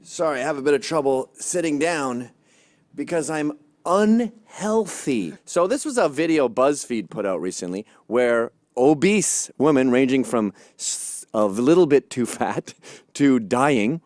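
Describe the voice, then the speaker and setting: A man's voice: mid-range voice, lively intonation, a little slow, darkish tone, dry recording. A man hosting a comedic rant commentary in a sarcastic, mocking manner. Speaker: host.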